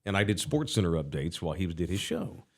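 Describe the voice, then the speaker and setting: A middle-aged man hosting a podcast, telling a relaxed, wry anecdote in casual chat. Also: low voice, a little fast. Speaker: podcast host.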